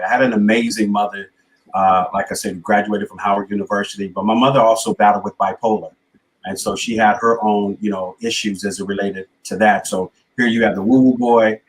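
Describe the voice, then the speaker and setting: Earnest, low-voiced motivational male speaker. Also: rough recording. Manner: earnest, motivational preacher-like cadence. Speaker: guest speaker and author. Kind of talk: storytelling in a talk-show interview.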